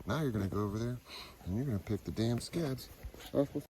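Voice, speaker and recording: A man's voice: medium pitch, fast talker, background noise. A man talking casually and profanely in a vlog, coaxing his animals between remarks to the camera outdoors. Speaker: animal keeper vlogger. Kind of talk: casual unedited vlog talk.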